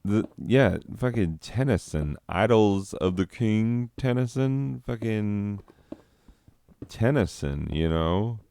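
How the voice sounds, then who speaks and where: Slow-talking, rambling stoned man. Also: fairly low pitch, expressive, warm tone, smooth. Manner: rambling, profane, laughs often at his own jokes. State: high. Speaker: host. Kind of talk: rambling gameplay chat.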